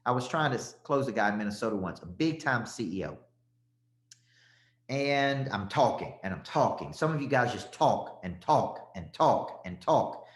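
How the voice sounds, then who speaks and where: A man's voice: mid-range voice, expressive, moderate pace, roomy sound. A man with a Southern accent, a sales coach giving a punchy, repetitive motivational talk and calling out listeners by name.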